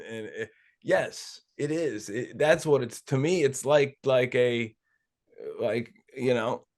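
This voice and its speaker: A man with a Midwestern American accent chatting casually on a podcast, rambling and searching for words with many restarts. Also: mid-range voice.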